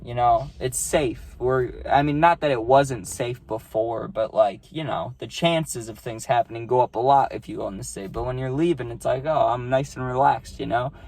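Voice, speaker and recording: A man's voice: mid-range voice, moderate pace, gravelly, hardly any pauses, darkish tone. A man telling a story to his channel in a casual, rambling way, full of swearing and fillers. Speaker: storytime vlogger.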